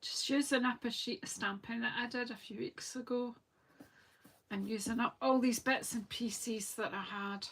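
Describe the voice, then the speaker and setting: A woman's voice: fairly high pitch, fairly even intonation, normal speed, creaky, a bit bright, slightly rough. A woman from Scotland, a craft demonstrator, chatting casually and thinking aloud as she works through a live crafting session.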